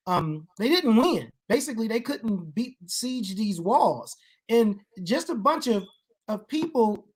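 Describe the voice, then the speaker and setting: Woman talking bible history in casual chat, gets really animated and punchy on her big points, mid pitch. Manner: animated explaining, building to emphatic peaks.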